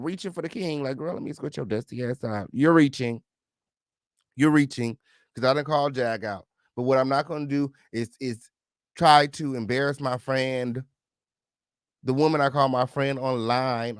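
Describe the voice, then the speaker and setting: A man's voice: mid-range voice, no room sound, clean studio sound. A man hosting a live stream, chatting casually with viewers and reading comments, sassy and heated, swearing freely.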